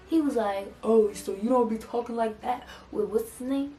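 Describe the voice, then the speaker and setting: Animated young woman telling a story. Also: a little high, normal speed, few pauses. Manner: animated, acts out both sides of the argument. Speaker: vlogger. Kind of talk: casual storytime. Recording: echoey room, mic at a distance, faint music.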